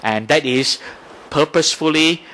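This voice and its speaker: A man's voice: a little high, a little slow, pushed and bright, slight background noise, rough recording. A man giving a mindfulness talk as a Buddhist teacher, explaining step by step and often checking in with "right?".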